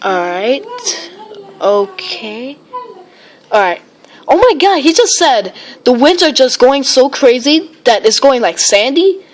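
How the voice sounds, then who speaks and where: A woman live-streaming, rambling and exclaiming often while reading viewer comments. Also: a little high. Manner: rambling, filler-heavy. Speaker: livestream weather vlogger.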